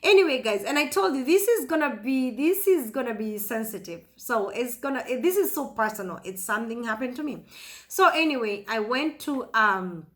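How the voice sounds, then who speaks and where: A woman in her thirties living in the US, telling a personal story in a halting way with many fillers and restarts. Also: on the high side, animated. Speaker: vlogger.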